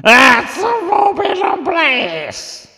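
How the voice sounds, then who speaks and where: A man's voice: very high voice, wildly swooping pitch, extremely slow, gravelly, bright, forceful tone, voice pushed up, full character voice. A man voicing a shrieking, sobbing posh woman with a Birmingham accent, Russian cat-like wails and added echo. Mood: dramatic.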